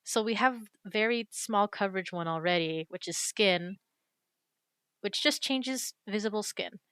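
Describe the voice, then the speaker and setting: A woman's voice: medium pitch, a little slow, fairly bright tone, smooth, dry recording. A woman chatting casually and enthusiastically while walking through a game's character creator, with fillers and self-corrections. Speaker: YouTuber reviewing a game character creator. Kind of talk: casual screen-recorded commentary.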